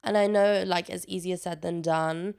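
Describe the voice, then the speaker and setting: This young woman vlogs casually with plenty of cursing and "like," a bit stuffed up as she talks. Her low-leaning voice is creaky, darkish, clear and resonant, with fairly flat intonation at normal speed, captured on her own noise-gated mic.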